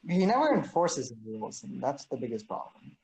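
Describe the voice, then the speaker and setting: A man's voice: mid-range voice, big pitch swings, brisk, gravelly, over a noisy crowd, poor audio. A teenage boy in a casual podcast chat, speaking bluntly and matter-of-factly. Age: teens.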